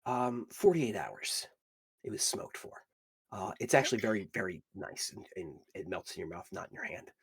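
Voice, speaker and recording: A man's voice: mid-range voice, lively intonation, fast talker, close to an everyday voice. A man voicing an eager male tavern bartender who rambles through the menu with lots of fillers. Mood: hushed. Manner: upbeat salesy, rambling with fillers.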